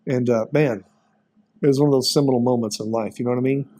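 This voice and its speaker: Male pastor and ex-cop, 50s, earnest storyteller, halting and emotional. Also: mid-range voice, fairly even intonation, mellow, low-quality recording. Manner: earnest, self-described crier, halting with many fillers. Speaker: pastor and former police officer.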